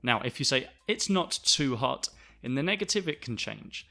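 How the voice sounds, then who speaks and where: A man from the south of England with a Southern English accent, explaining English vocabulary to learners in a clear, deliberate way. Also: mid-range voice, very animated, bright, forceful tone. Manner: clear, deliberate, spells words out. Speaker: English teacher, podcast host.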